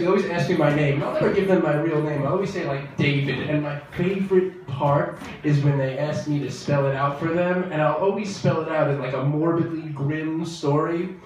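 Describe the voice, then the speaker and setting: A man's voice: a little high, a little fast, hardly any pauses. Young male stand-up in echoey club. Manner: wry, self-deprecating, builds to loud bursts. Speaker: stand-up comedian. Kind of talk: stand-up comedy set. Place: comedy club. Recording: echoey club from far off, crowd noise.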